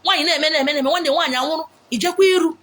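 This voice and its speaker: A woman with a Nigerian Igbo accent giving blunt, forceful relationship advice outdoors, mixing English, Pidgin and Igbo. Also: sits high, quick pace. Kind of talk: outdoor monologue. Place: beach outdoors.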